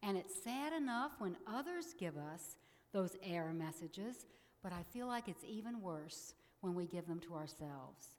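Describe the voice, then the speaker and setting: A middle-aged woman minister giving a sermon in a church, leading the congregation in spoken affirmations in a measured way. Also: on the low side, animated, a little mellow, long reverb tail.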